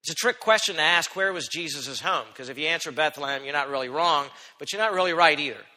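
Bright-voiced preacher man in a reverberant hall. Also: fairly high pitch, fast talker. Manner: expressive, rising to loud emphatic quotes and dropping to quiet asides. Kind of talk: sermon.

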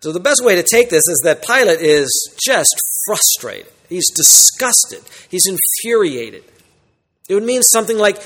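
Emphatic preacher in a reverberant hall. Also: male voice, sits high, very animated, moderate pace. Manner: emphatic, swings between loud exclamation and quiet solemn asides. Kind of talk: expository sermon.

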